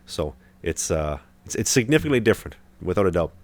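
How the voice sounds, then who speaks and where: A man's voice: low voice, sing-song, fast. A young man hosting a podcast, telling a long story in casual chat with lots of fillers and restarts. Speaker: podcast host, hockey goalie.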